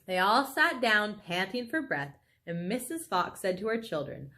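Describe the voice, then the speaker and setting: A woman reading a children's book aloud in a relaxed way, with a casual, friendly sign-off at the end. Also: medium pitch, moderate pace, few pauses.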